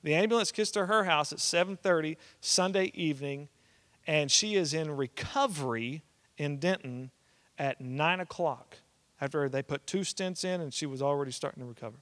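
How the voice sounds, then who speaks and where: A man, a pastor preaching and telling a family story, swinging between loud and hushed. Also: on the high side, normal speed. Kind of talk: sermon with personal storytelling.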